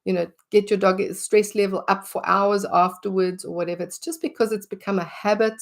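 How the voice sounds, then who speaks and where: A woman's voice: medium pitch, fairly even intonation, brisk. A middle-aged woman, teaching about dog behaviour in a casual way and acting out what she would say. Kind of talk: conversational teaching talk.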